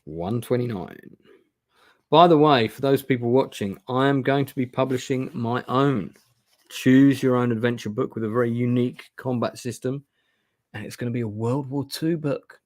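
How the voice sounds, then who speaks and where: A man's voice: mid-range voice, normal speed, a little mellow, no echo, studio quality. A man hosting a live gamebook playthrough, reading aloud and making chatty, self-deprecating asides. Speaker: host playing a gamebook live. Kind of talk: casual live-stream narration. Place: indoor room.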